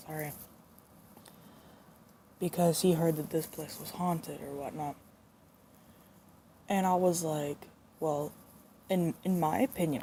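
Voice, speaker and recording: Young woman vlogger, mellow and lowish voice, angry phone rant, lots of swearing. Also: measured pace, pauses often, a little hiss or hum. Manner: indignant, swears a lot, repeats herself.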